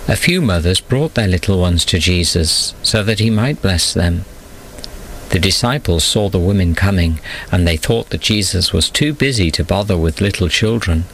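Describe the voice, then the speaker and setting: A man narrating a Bible story for children in a calm, measured reading voice. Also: low-pitched, a little hiss or hum, low-quality recording.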